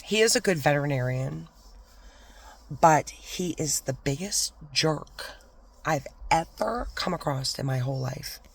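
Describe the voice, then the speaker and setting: A woman's voice: low voice, lively intonation, unhurried, vocal fry, breathy edge. A woman vlogger rants her way through a storytime about a bad old job. She talks casually and heatedly, and drops now and then into whispered asides. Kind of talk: storytime rant.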